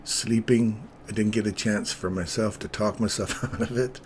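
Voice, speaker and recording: A man with a lowish voice talks through his market charts in a relaxed, chatty way. He greets viewers by name as he narrates his trades live. A faint hiss sits under the recording. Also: moderate pace. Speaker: trading streamer. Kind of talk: live trading commentary.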